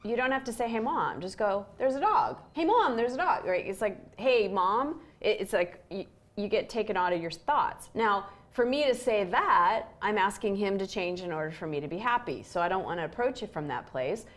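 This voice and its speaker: A woman's voice: mid-range voice, animated, a little fast. A woman co-hosting a relationship show, telling a story candidly and acting out quoted lines with animation.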